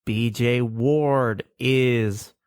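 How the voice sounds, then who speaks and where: A man's voice: medium pitch, steady tone, very slow, a little mellow, clean tone, no room sound, studio quality. A man co-hosting a podcast, chatting casually and jokingly about an old cartoon. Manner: jokey, riffing, slips into silly voices. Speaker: podcast co-host. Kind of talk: casual cartoon review chat.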